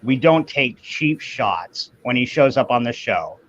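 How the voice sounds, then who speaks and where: A man chatting casually on an online show, giving opinions in slow, drawn-out phrases and acting out the voices he quotes. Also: mid-range voice, lively intonation, fairly bright tone. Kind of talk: casual chat. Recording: dull lo-fi audio.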